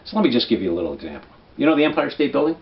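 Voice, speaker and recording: A man's voice: mid-range voice, big pitch swings, rapid-fire, vocal fry, lo-fi sound. A man from Minnesota hosting a comic election guide, talking in a conversational, persuasive way and often checking in with "right?". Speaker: political commentary host.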